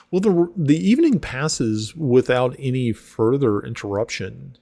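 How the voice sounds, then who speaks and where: A man's voice: fairly low pitch, creaky, a little mellow, no echo. A man narrating as game master of a tabletop game, hesitant, with many fillers.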